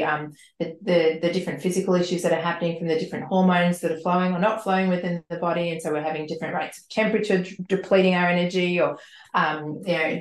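A woman leadership coach speaks in long, earnest stretches, often doubling a word as she gathers her thoughts. Her voice sits on the low side, and the recording carries a noticeable roomy echo. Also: darkish tone. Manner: earnest, flowing, repeats words while thinking. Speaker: leadership coach and author, guest. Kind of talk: podcast interview answers.

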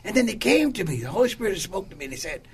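A man's voice: sits high, big pitch swings, very fast. An older man, a bishop from Oakland, telling his life story emphatically and acting out the quotes in a preacherly cadence. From Oakland, California. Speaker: bishop, guest. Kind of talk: candid testimony in a conversation.

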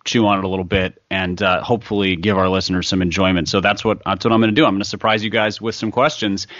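A man's voice: sits low, fairly even intonation, quick pace, a bit bright, no echo. A man co-hosting a casual podcast, talking in a wry, rambling way with fillers. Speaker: podcast co-host. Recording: dry, dull lo-fi sound.

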